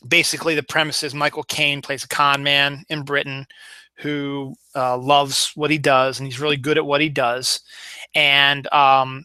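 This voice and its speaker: A man's voice: medium pitch, bright, forceful tone, clear, resonant tone, dry recording. A man in his forties from Baltimore with a light Baltimore accent, hosting a solo podcast in a rambling casual chat with many fillers and restarts. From Baltimore, Maryland. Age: 40s. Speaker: podcast host.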